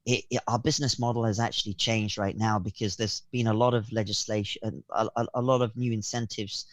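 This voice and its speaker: A man, a guest accountant on a radio interview, explaining government schemes haltingly with many fillers and restarts. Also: fairly low pitch, level tone, no room sound.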